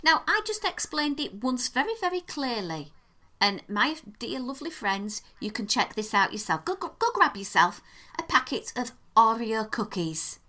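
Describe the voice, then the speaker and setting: A woman's voice: fairly high pitch, sing-song, moderate pace, sharp tone. A British woman co-hosting a podcast in casual chat, explaining things in a playful, emphatic way. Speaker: podcast co-host.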